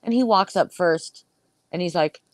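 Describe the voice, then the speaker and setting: A woman with a low voice recounts a story in loose, casual chat. She swears constantly and talks with lively, animated energy. The sound is dry and close. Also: measured pace, no echo. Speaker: podcast host.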